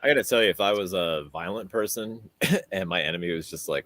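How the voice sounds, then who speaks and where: A man co-hosting a casual podcast, cracking dry deadpan jokes. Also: low voice, fast talker. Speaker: podcast co-host. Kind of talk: casual chat.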